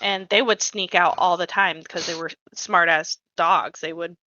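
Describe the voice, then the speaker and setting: A woman co-hosting a podcast tells a story in a casual, blunt way, swearing freely and getting heated as she goes. Her voice is bright and forceful. It sits close and dry on a dull, lo-fi mic. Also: fairly low pitch, fairly even intonation, unhurried, dry recording. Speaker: podcast co-host.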